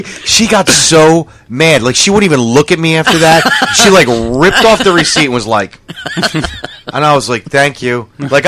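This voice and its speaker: A man co-hosting a casual talk show, telling a comic story in an animated, profane way and acting out both sides of it. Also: fairly high pitch. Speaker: podcast co-host.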